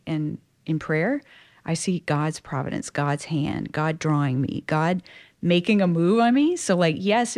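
A woman from Louisiana, a Catholic religious sister, telling her personal story as an interview guest in a chatty, expressive way full of casual fillers. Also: lowish voice. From Louisiana, USA.

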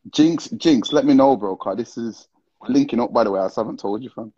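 A man's voice: mid-range voice, fairly quick, husky. Tipsy man hosting a livestream. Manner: excitable, slang-heavy, talks to viewers. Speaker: livestream host. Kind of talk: casual livestream chat. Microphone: live stream with call-ins. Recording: dull lo-fi stream audio.

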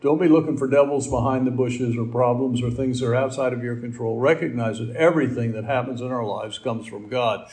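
A man's voice: medium pitch, steady tone, brisk, few pauses, a little mellow. A middle-aged man giving a conversational sermon, folksy and rambling, with asides and fillers. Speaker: preacher.

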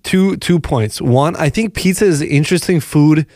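A young man co-hosting a casual podcast chat, reacting with quick, lively opinions. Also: on the high side, dry recording, clean studio sound. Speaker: podcast co-host.

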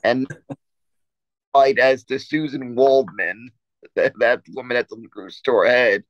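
A man chats casually on a sports podcast and trips over his words, repeating himself before he gets to the point. His voice sits at an ordinary pitch. It is recorded close and dry, with a slightly dull, muffled sound. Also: slow, no echo. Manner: rambling storyteller with many restarts and stammers. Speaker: podcast co-host.

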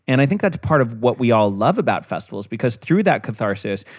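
A man's voice: mid-range voice, sing-song, brisk, dry recording, studio quality. A man hosting a podcast, speaking in a reflective, thoughtful way during a casual chat. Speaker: podcast host.

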